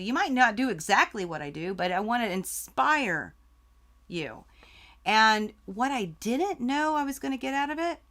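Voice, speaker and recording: A woman's voice: medium pitch, a bit bright. Emotional woman hosting a live quilting stream. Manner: heartfelt, emotional, grateful, reading viewer comments aloud. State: close to tears. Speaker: quilting channel host.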